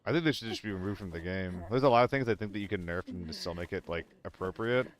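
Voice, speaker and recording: A man's voice: deep voice, quick pace. A young man streaming a shooter game alone, chatting and swearing casually to his viewers while he plays. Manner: chatty, swearing, talks to chat; banters with viewers, jumps between topics. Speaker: gaming streamer. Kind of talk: casual live-stream commentary.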